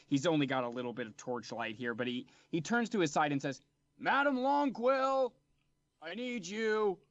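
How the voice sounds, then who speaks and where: Relaxed male dungeon master narrating; lo-fi, dry mic. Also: medium pitch, no echo. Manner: descriptive, relaxed, with fillers. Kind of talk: narrating a tabletop game.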